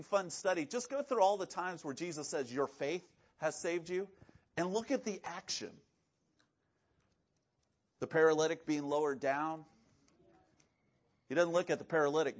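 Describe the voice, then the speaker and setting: A man preaching a sermon as pastor, animated, acting out quoted voices and swinging between loud and hushed delivery. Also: a little high. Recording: dull lo-fi sound.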